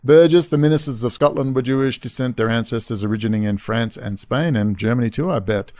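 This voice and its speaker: A man's voice: medium pitch, quick pace, a little mellow, no echo. A man hosting a video, reading passages aloud and breaking off into sarcastic, mocking asides. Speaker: host.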